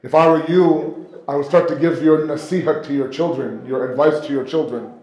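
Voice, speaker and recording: A male preacher telling a sacred story in an emotional sermon, swinging between hushed tones and near-shouting. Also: fairly high pitch, steady tone, normal speed, highs cut off. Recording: roomy echo.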